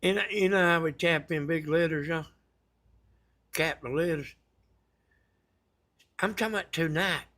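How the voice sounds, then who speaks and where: A man's voice: a little high, moderate pace, pauses often, a bit bright. A man with a Southern US accent, rambling through a casual story to his viewers in a folksy, colloquial way. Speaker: vlogger.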